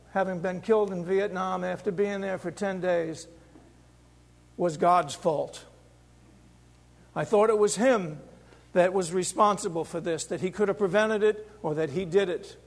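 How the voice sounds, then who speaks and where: An older man giving a halting, emotional personal testimony with many restarts. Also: sits high, fairly even intonation, in a large hall. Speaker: storyteller.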